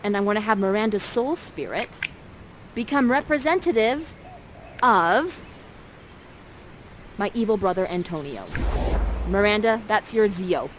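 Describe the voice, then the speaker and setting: A woman's voice: medium pitch, expressive, a little slow, pauses often, slight background noise. A woman narrating an interactive live stage show in a bubbly, playful manner while directing the audience.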